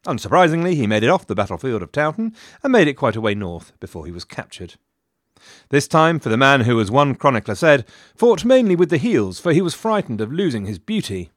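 A man's voice: mid-range voice, very animated, fairly quick, no echo. Wry man narrating history. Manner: wry, dry humour with sarcastic asides. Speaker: history podcast host.

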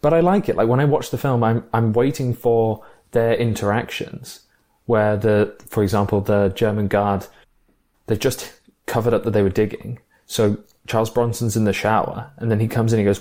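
Low-ish guy gushing about a movie, lots of ums and restarts. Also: steady tone, normal speed, warm tone. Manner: enthusiastic, thinks aloud with fillers and restarts. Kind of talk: casual film discussion.

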